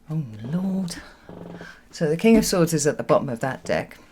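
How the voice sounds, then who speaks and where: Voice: mid-range voice, lively intonation, unhurried, background noise. A tarot reader giving a solo reading to camera in a reflective way, often repeating words for emphasis and checking in with "right?". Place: home with children nearby.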